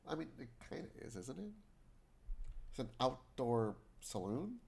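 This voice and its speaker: A man's voice: mid-range voice, sing-song, unhurried, creaky, a little mellow. A man streaming a video game, reading the dialogue aloud in shifting voices and chatting between lines. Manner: chatty, trails into asides.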